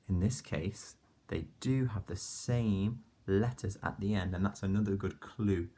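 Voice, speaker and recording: Slow, husky teacher sounding out phonics. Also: male voice, fairly low pitch, a little mellow. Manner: slow, patient, sounding out letters and praising. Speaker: primary school teacher. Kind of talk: phonics lesson for young children.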